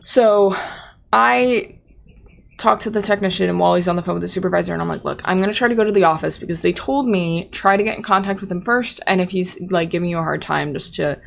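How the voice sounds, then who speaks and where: A woman's voice: fairly low pitch, gravelly. A young woman hosting a podcast, telling a personal story in a chatty way, full of "like" fillers. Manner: chatty, lots of "like" fillers, quotes others in her own voice. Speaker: podcast host. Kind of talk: casual storytelling.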